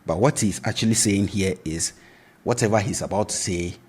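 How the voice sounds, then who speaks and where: Brief: male language tutor, low husky voice, patient, repeats each word for the learner. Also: normal speed, darkish tone. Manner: patient, repeats words to drill pronunciation. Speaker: language teacher. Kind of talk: video lesson explanation.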